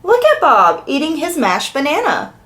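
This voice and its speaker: A woman voicing a patient, weary mother who gently scolds her little girl in a children's storybook. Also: high-pitched, wildly swooping pitch, normal speed, pitched above the performer's own voice, full character voice. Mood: coaxing.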